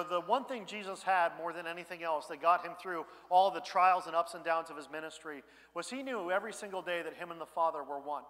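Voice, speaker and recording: High-voiced man preaching in a church hall. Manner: conversational preaching, swings between hushed and loud. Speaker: pastor. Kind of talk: sermon.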